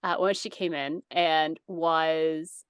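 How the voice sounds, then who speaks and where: A woman's voice: sits low, steady tone, slow, smooth, dry recording, clean studio sound. A woman co-hosting a podcast, telling a long story in a casual, rambling way, laughing often and using many fillers. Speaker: podcast co-host.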